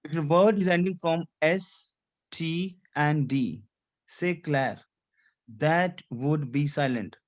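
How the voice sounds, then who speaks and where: A man's voice: a little high, takes it slowly. Man teaching French pronunciation. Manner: repetitive, drilling the student, frequent checks for understanding. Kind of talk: classroom lesson.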